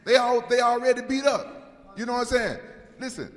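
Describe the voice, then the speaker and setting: A man's voice: very high-pitched, moderate pace. A man serving as an MMA team captain, answering trash talk at a press conference in a defiant, combative way. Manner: defiant, combative, repeats himself. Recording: reverberant hall.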